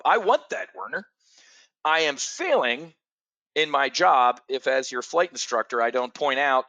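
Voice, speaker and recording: A middle-aged man with a bright, forceful voice hosts a live market show. He talks bluntly and emphatically, swears freely, and answers viewers by name. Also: medium pitch, lively intonation, normal speed. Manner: addresses viewers directly by name. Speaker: trading show host.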